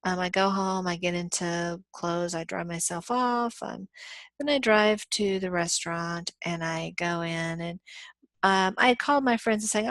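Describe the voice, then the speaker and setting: A woman's voice: on the low side, normal speed, fairly bright tone, dry recording. A woman business law instructor giving a recorded lecture, explaining through acted-out everyday scenarios with frequent "um"s.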